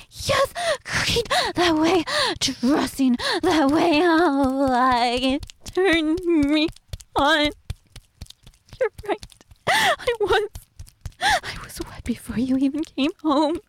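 A woman voicing a submissive, flustered young housewife in an adult audio role-play, breathy and pleading. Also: high voice, sing-song, extremely slow, heavily acted. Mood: aroused.

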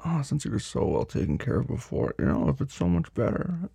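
A man with a deep, heavily gravelly voice, breathy and rough at the edges, gives orders in a slow, teasing dominant audio role-play. His pitch swings widely, and he sometimes sinks to a whisper. The sound is dry and close. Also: very animated, warm tone, no echo. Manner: commanding and teasing; drops to a whisper at times.

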